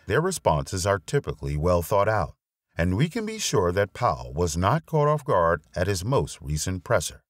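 A man reading a finance blog essay aloud as narrator, with an expressive, wry delivery on a close mic. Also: deep voice, dry recording.

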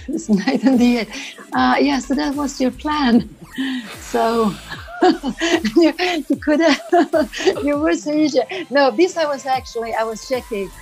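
A woman's voice: high-pitched, takes it slowly, gravelly, darkish tone, soft background music. A woman playing chess against a streamer, chatting casually and laughing while she explains her moves. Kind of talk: casual chat.

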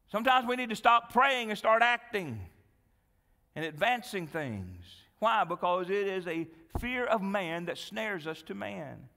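A male pastor preaches a sermon to his church, his voice bright and forceful and pitched a little high. He tells the Bible story dramatically, swinging from loud, animated passages down to hushed pleas. The sound rings with a long reverb in the church hall. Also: unhurried, creaky. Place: church sanctuary.

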